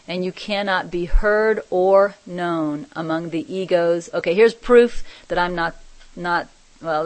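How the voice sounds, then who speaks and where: A woman teaching a spiritual group, reading channeled messages aloud and commenting on them in a soft, reflective way. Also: on the low side, dry recording, low-quality recording. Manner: soft-spoken, reflective, often laughing.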